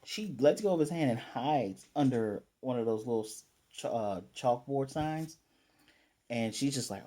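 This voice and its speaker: A man's voice: medium pitch, lively intonation, measured pace, warm tone. A man casually recapping an anime episode as a reviewer, rambling with lots of fillers and restarts.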